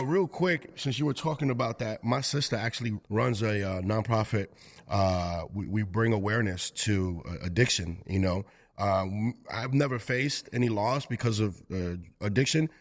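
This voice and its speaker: A young man, a comedian guest, talking in a laid-back way with many "uh"s and "real quick"s. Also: on the low side. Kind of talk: casual chat.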